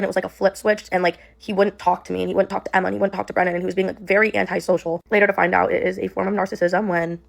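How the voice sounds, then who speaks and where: A woman's voice: fairly low pitch, vocal fry. A young woman telling a personal story in a casual, rambling way, full of "like" and "um". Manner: rambling, heavy use of "like" and "um". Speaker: storyteller in a played clip.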